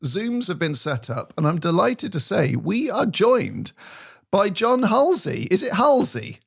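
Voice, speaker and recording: Lively, gravelly radio host. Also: male voice, high voice, measured pace. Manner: playful, laughs often. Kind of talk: casual radio chat.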